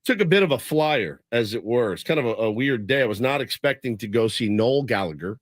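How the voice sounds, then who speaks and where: A man's voice: mid-range voice, animated, brisk, no echo. A man hosting a casual sports radio show in a studio, telling long rambling stories. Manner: rambling storyteller, imitates people he quotes. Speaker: radio host. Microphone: studio microphone.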